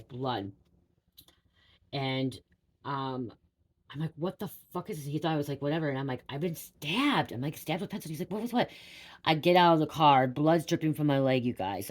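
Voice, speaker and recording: A woman psychic telling a personal story to her viewers in a rambling, repetitive way, swearing casually and often saying "you guys.". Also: a bass voice. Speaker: psychic reader.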